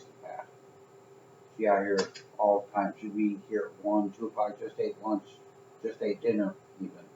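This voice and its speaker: Swearing and chuckling at his own tales, a man co-hosting a podcast rambles through stories in relaxed conversation. His voice is on the low side with a dark tone, and the recording sounds dull and echoey, with slight background noise.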